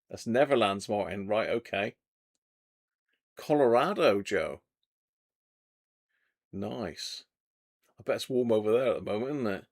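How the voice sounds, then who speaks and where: Bloke on a livestream, bit of fry in his voice, chatty and jokey. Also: on the low side, lively intonation, measured pace, pauses often. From Devon, England. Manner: chatty, jokey, reads out viewer comments. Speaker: livestream host. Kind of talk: casual live chat. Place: home radio workshop.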